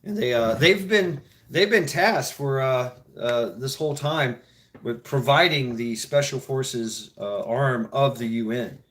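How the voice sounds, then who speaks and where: A man's voice: mid-range voice, unhurried, a bit bright. A man hosting a casual talk show, rambling with many restarts, swearing freely, laughing often. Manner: mimics others in mock voices. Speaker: show host. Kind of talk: casual chat.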